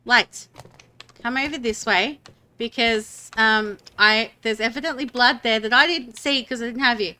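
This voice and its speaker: A woman's voice: a little high, moderate pace, pushed and bright. A woman streaming a game, chatting casually and rambling with many fillers and restarts. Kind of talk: casual gameplay chat.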